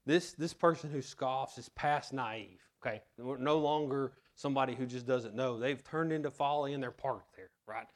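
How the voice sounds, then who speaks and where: A man's voice: mid-range voice, moderate pace, few pauses. A man preaching a sermon to his church in an earnest way, reading scripture and telling a personal story. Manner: earnest, tells personal anecdotes. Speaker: pastor.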